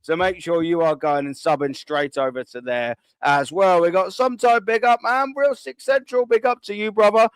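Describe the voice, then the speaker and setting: A rowdy man hosts a live stream, swearing cheerfully as he fires off shout-outs. His voice sits a little high for a man, and it comes through close and dry with no room echo. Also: moderate pace, few pauses, smooth. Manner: loud and boisterous, swearing freely. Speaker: host of a live fan show.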